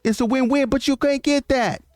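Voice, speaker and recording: A man's voice: very high-pitched, steady tone, moderate pace, darkish tone, no echo, studio quality, faint music behind. A man giving an opinionated commentary monologue on relationships, lecturing emphatically and often stammering through restarts.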